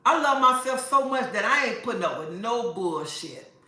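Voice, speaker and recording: A woman lectures her viewers in an emphatic, preachy way, hammering her points home through repetition. Her voice is bright and forceful. It rings around a very echoey room. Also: a little high, expressive, normal speed. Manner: emphatic, preachy, repeats herself for effect. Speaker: live-stream host. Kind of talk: casual advice talk to viewers.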